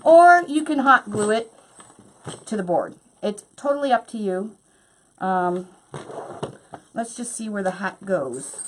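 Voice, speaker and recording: A woman's voice: mid-range voice, lively intonation, measured pace, long pauses. A woman hosting a craft tutorial, chatty and bubbly as she explains each step while working. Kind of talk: hands-on craft demonstration.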